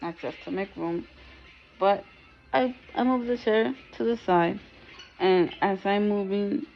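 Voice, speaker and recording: A woman's voice: medium pitch, slow pace, gravelly, dull audio, soft background music. A woman telling a personal story in a casual, rambling way, full of fillers and restarts.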